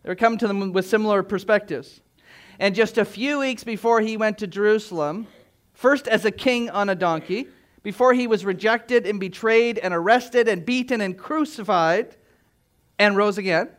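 A man's voice: sits high, moderate pace, a bit bright. A man preaching a sermon as pastor, emphatic, with rhetorical questions and repeated phrases.

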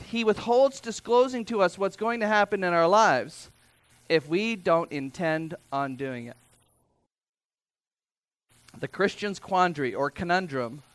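A pastor preaches a sermon conversationally, dropping in asides and quickly correcting himself. His voice is on the high side, with no echo.

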